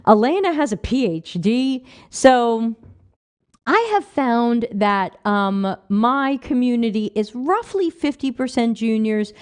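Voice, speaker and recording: A woman's voice: on the high side, expressive, slow, clean tone. A woman hosting a livestream, reading viewer comments aloud and answering them with emphatic rhetorical questions. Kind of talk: casual livestream talk.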